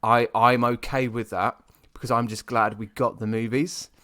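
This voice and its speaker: A man from the UK co-hosting a podcast in casual chat, animated, swearing and teasing. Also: medium pitch, normal speed, no echo, clean studio sound. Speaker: podcast co-host.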